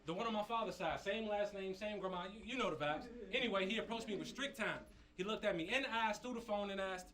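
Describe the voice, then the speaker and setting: A man's voice: high-pitched, brisk, low-quality recording. A man performing taunting, storytelling battle rap verses at a live campus event. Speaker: battle rapper. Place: upper-floor campus venue with a live crowd.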